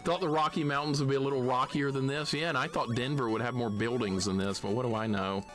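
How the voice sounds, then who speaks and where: A man's voice: mid-range voice, fairly bright tone. A man from Alabama giving live commentary on a retro game, swearing at it and chuckling often. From Alabama, USA. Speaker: streamer.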